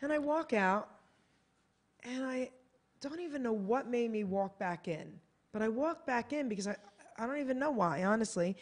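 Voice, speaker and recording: Animated American woman telling a story. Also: fairly high pitch. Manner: animated, acts out quotes in a bright voice. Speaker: guest author. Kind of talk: casual radio chat, storytelling. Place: radio studio.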